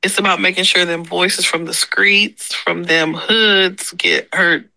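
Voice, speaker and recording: A woman's voice: on the low side, steady tone, takes it slowly, vocal fry, sharp tone, dry recording, heavily acted, rough recording. A woman voicing a streetwise AI persona with brash, slangy hype talk. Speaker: AI character played back on the podcast.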